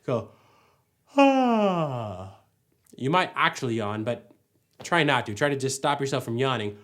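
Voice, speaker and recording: A man's voice: medium pitch, fairly quick, bright, forceful tone. A man teaching singing technique in a casual, step-by-step way, now and then singing vowels to show the sound. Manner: friendly, explains step by step, breaks into sung vowel demos. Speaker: vocal coach. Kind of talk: casual singing lesson with sung demonstrations.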